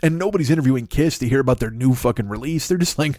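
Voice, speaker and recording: A middle-aged male comedian riffs through a loose, sarcastic monologue, swearing freely and wandering off on tangents. His voice sits at an ordinary pitch. The recording is dry and close. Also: rapid-fire, a little mellow, no echo. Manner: rambling, profane, sarcastic. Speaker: comedian podcast host. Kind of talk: stand-up style monologue.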